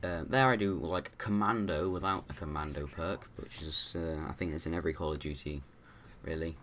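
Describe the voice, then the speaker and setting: Man, deep voice, casual gameplay commentary, rambling, slight background hiss. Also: normal speed, fairly bright tone. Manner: rambling, many restarts and fillers.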